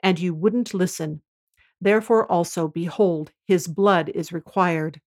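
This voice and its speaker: A woman reading the lines of a reproachful eldest brother in a scripture reading, in a solemn, measured way. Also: fairly low pitch, steady tone, lightly acted.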